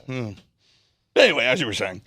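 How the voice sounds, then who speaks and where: A man's voice: mid-range voice, fast, no echo, clean studio sound. A man co-hosting a podcast, telling stories with a joking, teasing manner. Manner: joking, animated storyteller. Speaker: podcast co-host. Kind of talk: casual podcast banter.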